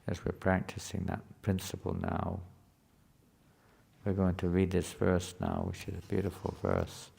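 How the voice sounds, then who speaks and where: A man's voice: low voice, completely flat delivery, measured pace, creaky, dark tone, slightly rough. A man teaching a scripture class to a live group in a conversational way, often asking the listeners questions.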